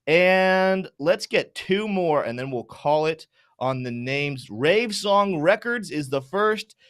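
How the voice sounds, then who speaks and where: A young adult man hosting a live crypto market stream, reading out chat names with upbeat, energetic shout-outs before moving to chart talk. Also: fairly high pitch, slow pace.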